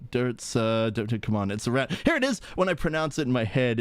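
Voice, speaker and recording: A man's voice: mid-range voice, very animated, a little fast, hardly any pauses, clean tone, no room sound. A man streaming live, chatting casually and playfully, giggling and goofing around with silly pronunciations. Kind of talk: casual livestream chat.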